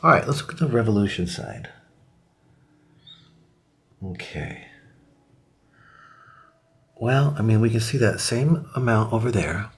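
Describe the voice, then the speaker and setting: This young man's voice sits on the low side, expressive and measured, with long pauses. As a beauty vlogger he chats casually through a makeup tutorial, upbeat and chatty, now and then whispering while applying products.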